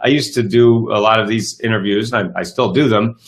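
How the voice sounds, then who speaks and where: A man's voice: lowish voice, steady tone, a little fast. A middle-aged man hosting a self-help live show, talking casually and upbeat with many fillers and restarts. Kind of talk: casual live-stream talk.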